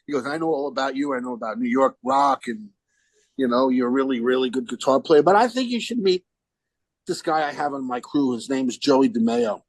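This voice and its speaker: A man's voice: medium pitch, brisk, no echo, poor audio. A man telling a rambling story as a podcast guest, acting out the voices of the people he quotes. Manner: animated, acts out quoted voices; rambling with restarts. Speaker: guest musician. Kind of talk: casual anecdote telling.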